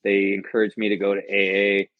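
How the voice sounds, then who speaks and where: Speaking quickly in a fairly low monotone, a U.S. army veteran on a podcast rambles through a personal story, earnest and full of profanity. The recording is dry and has a dull, lo-fi podcast quality.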